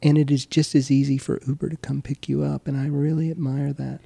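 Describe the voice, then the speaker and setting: Teasing co-host with a dark, dry voice. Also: medium pitch, level tone, fairly quick, vocal fry, husky, dry recording. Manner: teasing, wry remarks. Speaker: podcast co-host. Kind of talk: casual chat.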